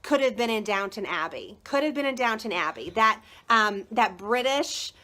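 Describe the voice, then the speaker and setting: A woman's voice: fairly high pitch, lively intonation, moderate pace, pushed and bright. A woman selling children's books in a casual live-stream chat, gushing and enthusiastic and rambling with fillers. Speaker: children's book consultant.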